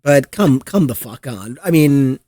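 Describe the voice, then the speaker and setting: A man's voice: medium pitch, expressive, unhurried, dark tone, no room sound, studio quality. A man hosting a podcast, ranting in exasperated, profanity-laced commentary on the news. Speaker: podcast host.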